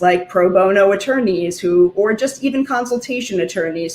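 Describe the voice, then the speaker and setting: A woman's voice: medium pitch, a little hiss or hum. A woman attorney giving an earnest, heartfelt speech at a virtual fundraiser, with fillers and restarts. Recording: echoey room sound.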